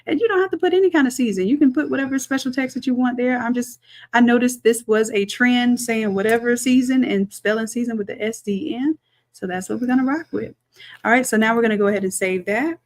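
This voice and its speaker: A woman, a design instructor chatting through a live-streamed software tutorial, talking to viewers as y'all and thinking aloud as she works. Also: a little high, quick pace.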